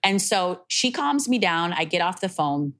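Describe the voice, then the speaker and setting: A young woman hosting a podcast, telling a personal story in an emotional, animated way. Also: on the low side, moderate pace. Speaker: podcast host. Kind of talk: casual podcast conversation.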